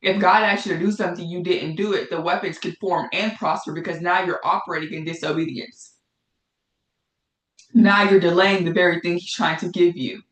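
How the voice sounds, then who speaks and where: A woman's voice: on the low side, fairly even intonation, moderate pace. Give me a woman teaching a casual Bible study, conversational and repetitive, in an echoey room. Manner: conversational, repeats phrases for emphasis.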